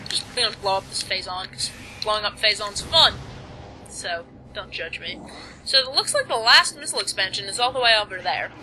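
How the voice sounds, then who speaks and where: A woman's voice: mid-range voice, expressive, normal speed, sharp tone, slight background noise, poor audio. A woman casually commenting as she plays a video game, rambling and joking at her own expense. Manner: rambling, self-mocking, jokey asides. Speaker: let's play commentator.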